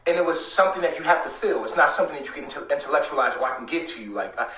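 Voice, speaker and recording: Bright-voiced man, rambling in an echoey room. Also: on the high side, animated, very fast, far from the mic. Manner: rambling and emphatic, swears often, breaks into shouts. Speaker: host. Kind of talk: casual storytelling. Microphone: streaming setup. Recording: echoey room, away from the mic.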